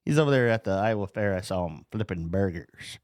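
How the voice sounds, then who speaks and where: A man's voice: deep voice, lively intonation, fairly quick, darkish tone, no echo, clean studio sound. A man hosting a casual podcast, joking, laughing often and swearing as he talks. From North Dakota. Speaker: podcast host.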